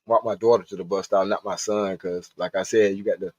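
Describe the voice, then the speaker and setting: A man's voice: low voice, steady tone, a little fast, slightly rough. A man hosting a live stream, rambling casually and profanely while he talks to his chat. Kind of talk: casual livestream monologue. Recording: dull, dry lo-fi stream audio.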